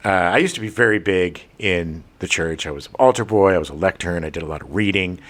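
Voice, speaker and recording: A middle-aged man co-hosting a podcast, telling stories in casual chat with an expressive, laughing delivery. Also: deep voice, quick pace, a little hiss or hum. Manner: animated, expressive, laughing storyteller. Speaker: podcast co-host.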